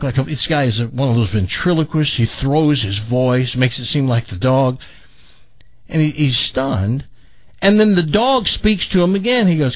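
A man hosting a radio show, telling a long joke in a loose, animated way. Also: medium pitch, normal speed, dry recording. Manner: animated, loose storyteller with fillers. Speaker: radio host. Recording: dull dry studio sound.

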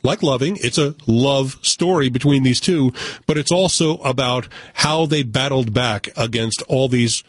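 Animated man reviewing films, husky voice. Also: medium pitch, a little slow, no room sound. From United States. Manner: animated, opinionated, joking asides. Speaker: film critic. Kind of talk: casual film review chat.

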